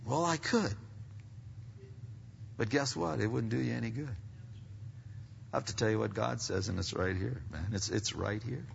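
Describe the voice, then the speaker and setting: Gravelly preacher in an echoing church. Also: male voice, fairly low pitch, moderate pace, long pauses, slight background noise. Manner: animated preaching, swings from quiet to shouting. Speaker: pastor. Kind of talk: sermon. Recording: long reverb, dull lo-fi sound.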